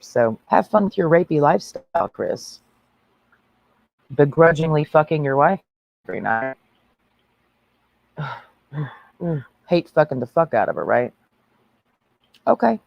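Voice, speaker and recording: A woman's voice: low voice, creaky, darkish tone, dry recording, muffled recording. A woman ranting on a livestream in a brash, mocking, preachy way.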